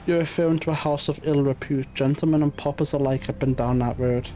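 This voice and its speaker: A man voicing a composed, curious investigator in a game reading, asking polite measured questions. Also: on the high side, steady tone, dark tone, natural voice. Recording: muffled stream audio, faint music.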